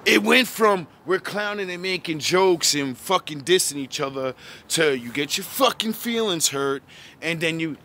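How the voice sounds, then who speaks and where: A man with a high, gravelly voice rants slowly in a preachy monologue. His tone is bright and tense, and he lectures the listener with profanity and repeated catchphrases, bursting into shouts. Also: expressive. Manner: repeats catchphrases and "yous" address. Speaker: online preacher-style commentator. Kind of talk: ranting monologue.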